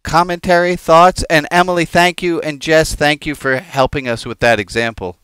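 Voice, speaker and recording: A man who is a rabbi teaches a casual sermon, chatting with the congregation and wandering into jokes and side stories. His voice is slightly high and smooth and resonant. The sound is close and dry, with no room echo. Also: fairly even intonation, moderate pace, a bit bright. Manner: conversational, digressive and joking, addressing the congregation.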